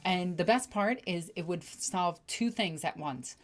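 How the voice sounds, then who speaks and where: Excitable woman chatting on a livestream. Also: on the low side, unhurried, soft background music. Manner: excitable, animated storytelling with acted-out voices. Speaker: streamer. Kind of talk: casual livestream chat.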